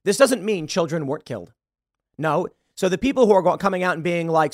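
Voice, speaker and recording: A man's voice: high-pitched, lively intonation, brisk, no room sound, clean studio sound. A man hosting a podcast, giving heated, emphatic political commentary and stumbling over repeated words when worked up. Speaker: podcast host.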